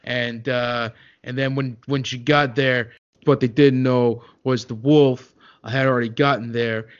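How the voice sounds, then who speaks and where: A man in a comedy sketch telling a rambling children's story, with many hesitations and a gruff tone toward the kids. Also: mid-range voice, little pitch movement, unhurried, dull audio. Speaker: comic storyteller doing an impression.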